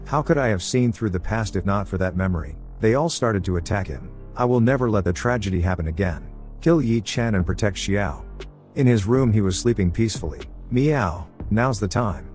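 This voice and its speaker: A man reading a story recap as narrator, voicing every character himself in a flat read-through. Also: lowish voice. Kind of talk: scripted recap narration, voicing all roles.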